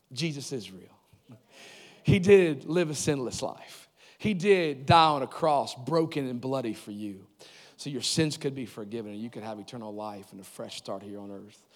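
During a church service, a pastor delivers a sermon in a medium-pitched voice, animated and building to loud, emphatic peaks with quick asides. The recording carries the long, echoing reverb of a large hall.

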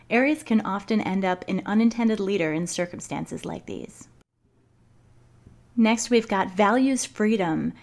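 A woman hosts her own podcast and reads from a prepared script. Her voice sits a little low for a woman. She reads in a measured, clear way. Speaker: podcast host. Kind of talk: reading a prepared script with book excerpts.

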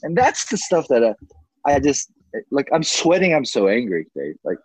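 A man's voice: medium pitch, sing-song, moderate pace, husky, no echo, poor audio. A man in his forties in casual chat, ranting heatedly and swearing freely. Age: 40s.

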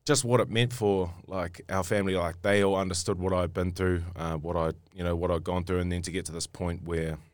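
Here the young New Zealand rugby player's deep, steady voice moves fairly quickly with hardly any pauses. Interviewed, he wanders through a story, frequently restarting and repeating words, and the audio carries no room sound.

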